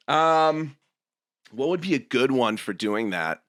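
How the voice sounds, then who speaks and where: A young man hosting a podcast, chatting casually and reading viewer messages, animated and full of restarts. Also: medium pitch, slow pace. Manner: animated, jumping between topics with laughs and restarts. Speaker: podcast host reading super chats. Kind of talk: casual livestream chat.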